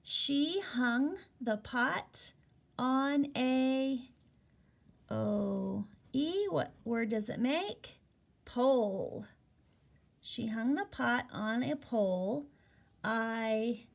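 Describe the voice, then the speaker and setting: A woman teaching a phonics lesson to young children, slowly and patiently spelling words out letter by letter. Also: a little high, lively intonation, gravelly.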